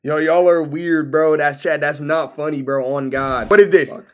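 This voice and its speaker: A man's voice: fairly high pitch, moderate pace. A man streaming live, reacting to posts in loose, profane, exclaiming talk, with bro at the end of nearly every line. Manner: animated, exclaiming, profane, says bro constantly.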